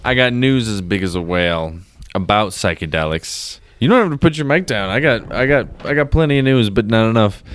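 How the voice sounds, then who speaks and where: A man co-hosting a comedy podcast, rambling through news with halting restarts in a casual chat. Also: fairly low pitch, animated, no echo, studio quality. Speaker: podcast co-host.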